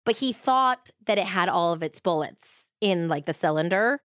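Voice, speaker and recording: A woman's voice: lowish voice, animated, moderate pace, a bit bright, no room sound, studio quality. A woman hosting a podcast, telling a true-crime story in a casual, chatty way with many "like" fillers. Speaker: podcast host.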